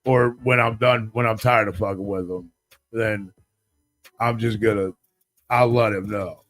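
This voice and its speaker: Profane, animated male storyteller. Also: lowish voice, a little slow, dry recording, soft background music. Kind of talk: casual chat, telling a story.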